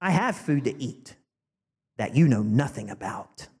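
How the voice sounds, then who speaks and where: A male preacher voicing a calm, authoritative teacher, dropping to a slow, low, solemn tone. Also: husky, heavily acted. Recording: long church-hall reverb.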